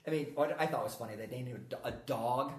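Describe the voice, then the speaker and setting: A co-host in a casual film discussion, quick and joking with playful asides. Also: medium pitch. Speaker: podcast co-host. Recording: roomy echo.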